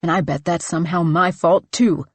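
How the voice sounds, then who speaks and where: A woman voicing a frantic, paranoid young man who shouts accusations breathlessly. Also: lowish voice, fairly even intonation, normal speed, no echo, natural voice. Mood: ranting, accusing.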